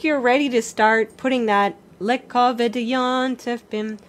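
A woman's voice: fairly high pitch, fairly even intonation, unhurried. Encouraging woman teaching singing online. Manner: encouraging, demonstrates phrases by singing. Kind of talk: online vocal workshop. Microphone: video call.

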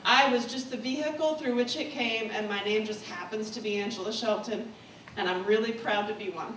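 A woman's voice: medium pitch, brisk, a bit bright. A woman giving a candid, emotional talk on a comedy club stage, swearing freely and swinging between solemn and giddy. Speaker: guest speaker. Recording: echoey room, distant mic, faint noise.

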